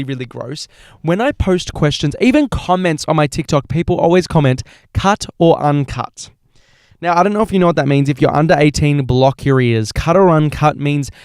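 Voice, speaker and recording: A young Australian man talks through listener questions on his podcast, loose and rambling, often circling back with filler phrases. His voice sits a little high and comes across smooth and resonant. The sound is close and dry, with no room around it. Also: no echo. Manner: rambling, animated, heavy use of filler phrases. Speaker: podcast host. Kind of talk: casual solo chat answering questions.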